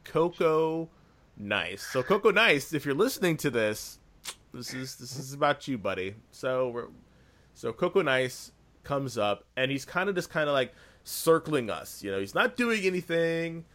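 A man casually retelling a video game session on a podcast, rambling and excitable, with frequent restarts. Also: mid-range voice, measured pace.

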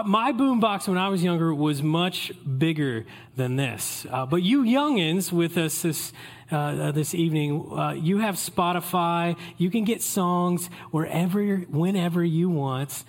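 Pastor, playful sermon. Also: male voice, fairly high pitch, measured pace. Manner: playful, joking asides to the congregation.

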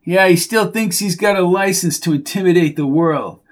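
Man doing a wisecracking, excitable sidekick. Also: sits high, moderate pace, pitched above the performer's own voice, natural voice. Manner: sarcastic and jokey.

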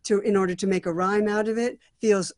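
A woman's voice: medium pitch, fairly even intonation, fairly quick, dry recording. Brief: woman songwriting mentor, mid-range voice, dry close sound, reflective critique full of restarts. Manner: thoughtful, frequent restarts and fillers. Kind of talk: critiquing a song draft.

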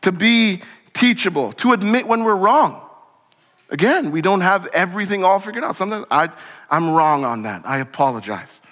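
A man preaching a sermon as a church pastor, conversational and animated, acting out little scenes from the text. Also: high-pitched, normal speed. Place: church sanctuary. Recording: long hall reverb.

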